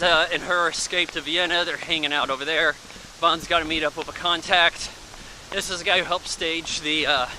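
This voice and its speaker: A man's voice: a little high, pushed and bright, slight background noise, poor audio. A man giving a casual, rambling spoken film review in an offhand way. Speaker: movie reviewer.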